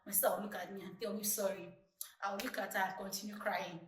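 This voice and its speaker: A young Nigerian woman in her twenties, a vlogger telling stories from her childhood in a chatty, lively way. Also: mid-range voice, fast talker, slight background noise. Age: 20s. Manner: chatty, lively retelling with acted-out quotes. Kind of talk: casual storytelling to camera. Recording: roomy, distant mic.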